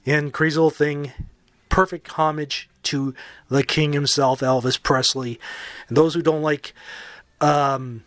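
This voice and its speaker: A man's voice: fairly high pitch, steady tone, measured pace, fairly bright tone, dry recording. A man hosting a solo podcast, talking casually with opinionated, jokey asides. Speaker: podcast host.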